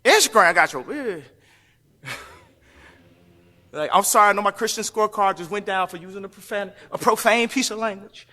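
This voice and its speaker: Sitting high with a steady, sharp tone, this interview guest talks fairly quickly but with long pauses. He's impassioned, preachy and emphatic, wandering from point to point and laughing as he goes.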